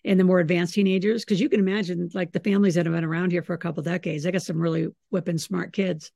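A middle-aged woman hosting a podcast, chatting casually and telling lively stories about her children. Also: fairly low pitch, quick pace, creaky, dry recording. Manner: animated storyteller, acts out her kids' lines. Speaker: podcast host. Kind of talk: casual chat.

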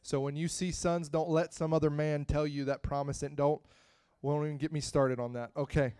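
A man preaching a sermon, moving from quiet, close talk to loud, rising preaching and calling out to the congregation. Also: fairly high pitch, level tone, moderate pace, smooth. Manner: calls out to the congregation.

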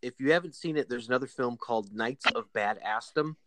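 A man co-hosting a podcast in casual chat, halting and hesitant. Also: mid-range voice, a crowd in the background. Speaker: podcast co-host.

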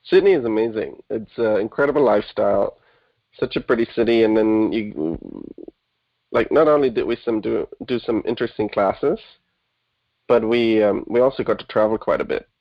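A man in his thirties from Germany talks as an interview guest, chatty and quick to laugh at himself. The sound is dry and close, with a dull, lo-fi quality. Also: fairly low pitch, no room sound. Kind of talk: casual interview conversation.

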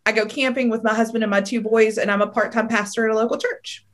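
A woman's voice: fairly high pitch, fairly even intonation, quick pace. Chatty woman speech therapist guest. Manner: friendly, chatty, with filler ums. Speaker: speech language pathologist, guest. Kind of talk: interview.

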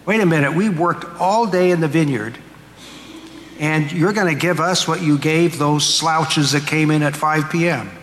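A man's voice: fairly high pitch, moderate pace, a bit bright, a little hiss or hum. A man voicing indignant day laborers who protest their pay, recorded in an echoey church. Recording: echoey church hall, faint ambience.

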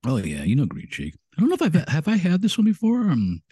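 A man's voice: a little high, huge pitch swings, fast talker, warm tone, husky, no room sound, studio quality. A man co-hosting a casual beer podcast, rambling with many restarts. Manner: rambling, full of restarts and "you know". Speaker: podcast co-host. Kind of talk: casual chat.

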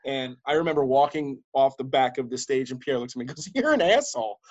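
A man, a radio DJ and podcast host, telling stories in casual chat, swearing freely and acting out quotes in a louder voice. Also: mid-range voice, fast, dull audio. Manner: animated, swearing, acts out quotes loudly.

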